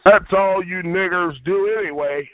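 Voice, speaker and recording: A man's voice: sits high, moderate pace, no echo, narrow, tinny audio. A man on a phone chat line, taunting and hurling insults in a heated argument.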